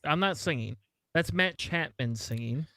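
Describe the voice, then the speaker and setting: A man's voice: on the high side, expressive, moderate pace, very noisy. A man hosting a podcast in casual banter, rambling and cutting himself off as he jokes. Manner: rambling, self-interrupting, joking. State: has been drinking. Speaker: podcast host.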